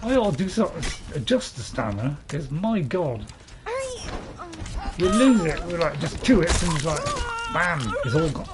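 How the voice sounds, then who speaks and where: A man with a high voice and lively intonation takes his time, pausing often, against a noisy background. He hosts his own channel and talks himself through gameplay in a chatty, rambling let's-play style with plenty of chuckles.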